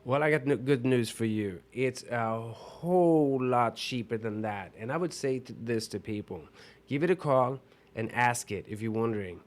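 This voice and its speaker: A man's voice: mid-range voice, moderate pace. A man with a Swedish accent, a guest on a radio talk show, explaining things earnestly and repeating words for emphasis. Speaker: guest, business owner. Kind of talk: radio interview.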